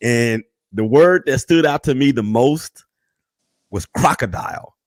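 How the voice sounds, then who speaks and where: A man hosting a casual interview, talking in a relaxed, conversational way. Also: medium pitch, unhurried, no echo. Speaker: interview host.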